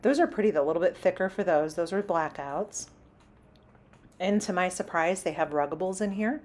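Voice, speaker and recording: A woman's voice: lowish voice, normal speed, a little mellow. A woman hosting a shopping vlog who walks through a large store and chats casually, reading out prices as she browses. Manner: chatty, lists prices while browsing. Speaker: shopping vlogger. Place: inside a large home improvement store.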